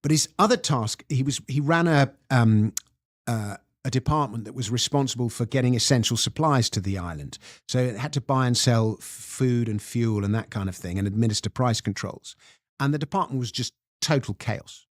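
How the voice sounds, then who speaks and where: A man with an English accent, a guest who tells history as a lively story and reads quotes aloud. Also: mid-range voice, normal speed, dry recording, clean studio sound. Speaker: guest author.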